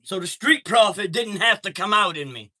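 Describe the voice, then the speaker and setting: A man's voice: sits high, animated, normal speed, sharp tone. A man hosting a live stream, telling a heated story in a profane, streetwise way and greeting viewers from chat.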